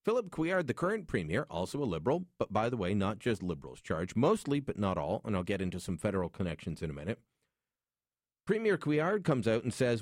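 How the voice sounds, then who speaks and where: A man hosts a call-in show with lively, swooping intonation, joking and opinionated. The sound is close and dry from a studio microphone, with no room around him. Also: on the low side, fairly quick, no room sound. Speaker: radio talk show host. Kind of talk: call-in talk radio. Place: radio studio.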